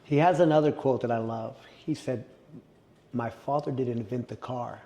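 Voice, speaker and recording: A man in a casual interview, telling a story with animated retelling and quoted reactions. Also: mid-range voice, normal speed, long reverb tail, highs cut off. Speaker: interview guest, jiu-jitsu black belt.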